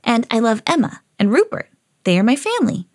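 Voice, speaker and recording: A woman's voice: a little high, a little fast. A woman reading a children's storybook aloud as a lovable, eager female pet dog. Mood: earnest. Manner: earnest storybook reading, rising excitedly.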